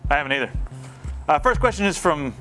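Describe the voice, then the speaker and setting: A man's voice: a little high, expressive, fast, sharp tone, soft background music. Joking young man answering tech emails. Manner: joking, playful asides. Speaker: host answering viewer emails. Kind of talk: casual tech Q&A.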